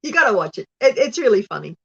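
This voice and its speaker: A woman's voice: medium pitch, sing-song, fast talker, vocal fry, slightly rough, muffled recording. Giggly, chatty Australian woman with a cold. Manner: giggly, chatty, often laughing. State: congested with a cold. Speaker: host. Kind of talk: casual live chat with viewers.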